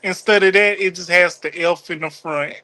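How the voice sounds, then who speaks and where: A man's voice: high-pitched, steady tone, moderate pace, sharp tone. A man in casual group chat who laughs easily and apologizes often.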